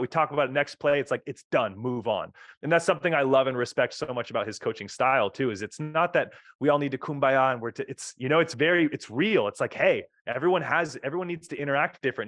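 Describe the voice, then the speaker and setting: Animated, foul-mouthed podcast host. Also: male voice, mid-range voice, no room sound, studio quality. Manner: animated, swears freely, lively storytelling. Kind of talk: casual podcast conversation.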